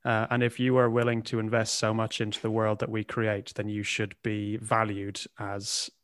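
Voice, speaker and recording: A man's voice: lowish voice, completely flat delivery, normal speed, fairly bright tone, no room sound. Earnest man guest, dry close sound. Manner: earnest, swears casually. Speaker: guest, live-action game performer. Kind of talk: casual podcast chat.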